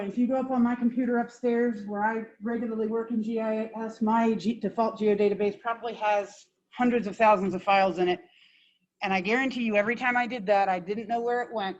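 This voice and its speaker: Blunt, informal woman teaching software. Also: mid-range voice, muffled recording. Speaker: GIS instructor. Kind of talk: classroom software demonstration.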